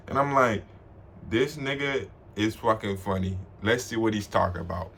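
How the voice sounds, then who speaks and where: A young man from Washington, D.C., telling funny stories to the camera in a casual, slangy way, laughing often and mimicking people in high voices. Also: normal speed, a bit bright. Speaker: vlogger.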